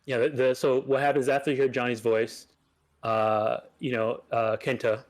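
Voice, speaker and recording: A man's voice: mid-range voice, flat delivery, normal speed. Rambling male game master. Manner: rambling, many filler sounds. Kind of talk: narrating a tabletop game.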